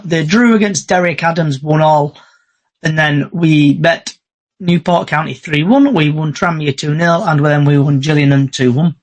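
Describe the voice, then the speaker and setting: Man hosting a football podcast. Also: on the high side. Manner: reads out match stats in bursts. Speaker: podcast host. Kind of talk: casual football chat.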